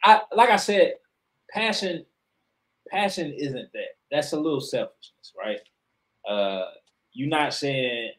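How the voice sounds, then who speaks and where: Casting: male sports podcast co-host, mid-pitched, emphatic and blunt, swears freely. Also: expressive, measured pace, rough recording. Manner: emphatic, profane, opinionated. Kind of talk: casual sports chat.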